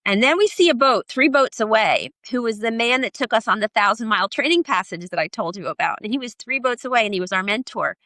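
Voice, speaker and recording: Middle-aged woman, lively storyteller, dry close mic, acts out the voices she quotes. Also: mid-range voice, fairly quick, hardly any pauses, dry recording. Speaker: podcast guest, sailor and author. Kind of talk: storytelling in an interview.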